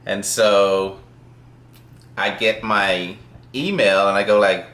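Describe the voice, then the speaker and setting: A man with a lowish voice that still has a forceful, bright edge tells a casual work anecdote. He rambles, restarts, and laughs softly between thoughts. The room around him sounds echoey. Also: steady tone, takes it slowly. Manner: rambling, with frequent fillers and chuckles. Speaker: software developer. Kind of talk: casual storytelling.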